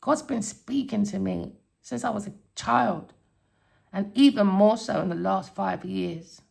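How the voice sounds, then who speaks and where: A woman's voice: mid-range voice, unhurried, gravelly, darkish tone. A woman who reads tarot, telling of a dream and preaching warnings in a spiritual vlog, swearing and raising her voice. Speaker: tarot reader.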